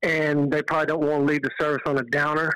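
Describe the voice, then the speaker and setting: A man from Texas with a Texan accent, a podcast guest telling stories in an earnest, animated way. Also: a little high, fast, clear, resonant tone, no echo, rough recording. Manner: earnest, animated storyteller who quotes dialogue. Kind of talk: casual storytelling on a podcast.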